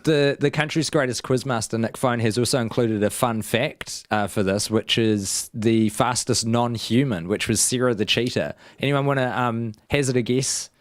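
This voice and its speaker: Joking New quiz host, dry sound. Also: male voice, mid-range voice, normal speed, hardly any pauses, no echo. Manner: chatty, joking, teasing the players. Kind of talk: hosting a comedy quiz.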